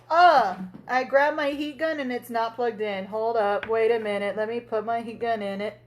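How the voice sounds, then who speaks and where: Over slight background noise, a woman hosting a casual tumbler crafting livestream talks at a moderate pace with few pauses in a slightly high voice. She tells a chatty story while crafting, answering viewers and freely swearing and laughing.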